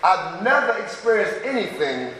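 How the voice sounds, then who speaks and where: This middle-aged man's voice sits high, with big pitch swings, a normal pace and a pushed, bright quality. He is sharing raw, profane stories of his past at a twelve-step meeting like a street-talking storyteller. The large hall sounds echoey through a distant mic, with a little hiss or hum.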